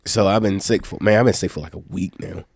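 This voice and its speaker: A sick man with a stuffed-up nose hosts a casual podcast chat with a fairly low voice. He tells loose, profane, animated stories, and the recording sounds close and dry. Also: fast, creaky, husky, no echo. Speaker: podcast host.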